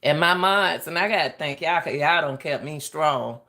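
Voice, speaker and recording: Middle-aged woman host, lowish voice, harsh coach's edge, impassioned talk straight to camera. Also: moderate pace, sharp tone. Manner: impassioned, repeats herself, talks straight to viewers. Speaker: channel host, retired track coach. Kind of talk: emotional live commentary.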